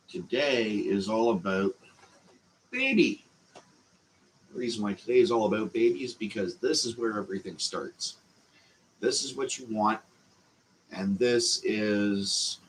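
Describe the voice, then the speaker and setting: A man with a Canadian accent hosting a casual growing class, talking slowly and meandering with lots of fillers. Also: lowish voice, fairly bright tone, a little hiss or hum, low-quality recording. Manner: slow, meandering, with frequent fillers. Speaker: channel host teaching a growing class. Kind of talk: casual instructional talk.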